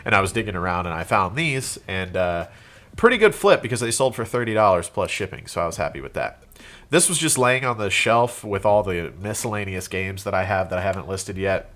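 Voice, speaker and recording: A congested young man with a cold talks through his recent sales in a loose, rambling way. His voice sits fairly low, and he hops between items with fillers and restarts. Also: expressive, fairly quick, fairly bright tone. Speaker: reseller vlogger. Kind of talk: casual show-and-tell vlog.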